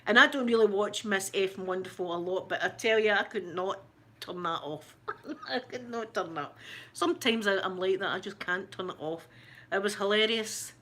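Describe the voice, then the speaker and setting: A Scottish woman chatting casually on a livestream, telling gossipy stories with a lot of laughter. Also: mid-range voice. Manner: animated, gossipy storytelling with lots of laughter. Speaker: ASMR YouTuber answering live chat.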